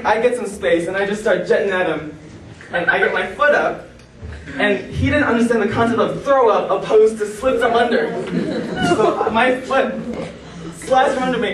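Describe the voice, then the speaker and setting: A man telling stand-up stories on a comedy club stage, animated and acting out the people in them. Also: sits high, recorded from a distance. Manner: animated, acts out quoted voices. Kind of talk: stand-up storytelling. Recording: roomy club sound from afar, noisy. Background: club audience laughter.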